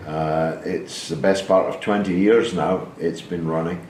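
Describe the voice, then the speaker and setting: A man's voice: deep voice, steady tone, measured pace, a little mellow. A Scottish man in his sixties, from Dundee, giving a plain-spoken talk with wry asides to a packed theatre audience. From Dundee, Scotland. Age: 60s. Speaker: host speaking at his own roadshow. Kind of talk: public talk to a live audience. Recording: echoey theatre with background noise.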